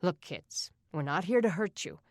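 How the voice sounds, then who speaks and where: A middle-aged male sheriff speaks firmly and levelly with calm authority, as a woman narrating an audiobook plays him. The voice is fairly low and dry. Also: normal speed, no echo, close to an everyday voice. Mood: firm, coaxing.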